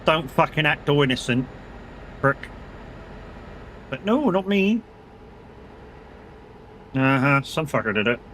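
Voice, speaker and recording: A man's voice: fairly high pitch, expressive, slow, long pauses, a bit bright, slight background noise. A man streaming a game live, chatting casually, swearing freely and bantering with his chat. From United Kingdom.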